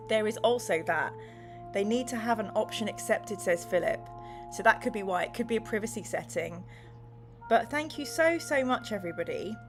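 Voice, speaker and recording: A woman hosting a livestream, reading viewers' chat messages aloud and narrating a gamebook in a bubbly, giggly way. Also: fairly high pitch. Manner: giggly, laughs often, bubbly.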